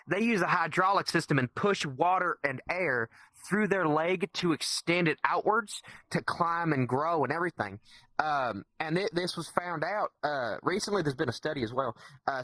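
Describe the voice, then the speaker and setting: A man co-hosts a casual podcast, his voice high for a man. He rambles and jokes, with plenty of fillers. The sound is dry and close. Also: pushed and bright, no room sound. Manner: rambling, jokey, uses many fillers. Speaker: podcast co-host. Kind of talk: casual chat.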